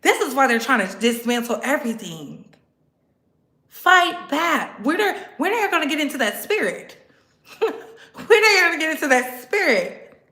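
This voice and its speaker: Sarcastic high-voiced woman commentator, slow and echoey. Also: sing-song, bright, forceful tone. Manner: mocking, sarcastic, repeats lines for emphasis, laughs often. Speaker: commentary vlogger.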